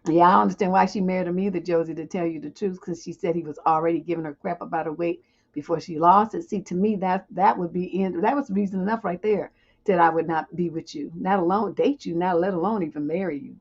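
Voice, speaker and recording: A woman's voice: fairly low pitch, steady tone, quick pace, breathy edge, lo-fi sound. A woman hosting a livestream advice show, reading viewer questions aloud and answering them with blunt, joking frankness. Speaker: relationship advice host.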